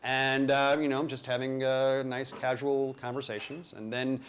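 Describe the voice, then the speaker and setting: A man's voice: mid-range voice, level tone, normal speed, a bit bright, a little hiss or hum. A man telling a personal story live to an audience, conversational with playful, self-deprecating asides.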